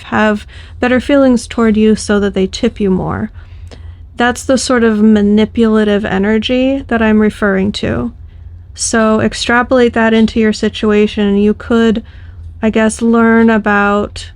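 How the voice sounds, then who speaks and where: A woman gives her viewers a casual spoken tarot reading, thinking aloud thoughtfully with loose phrasing, frequent fillers, and restarts. Her voice is medium-pitched and a little mellow, with no room sound.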